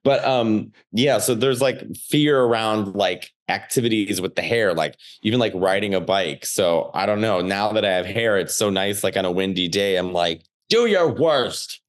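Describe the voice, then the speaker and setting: A man in his thirties with a Chicago accent, a comedian telling animated stories in casual podcast chat. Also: lowish voice, moderate pace, few pauses. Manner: animated storyteller, many "like" fillers. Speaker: comedian guest.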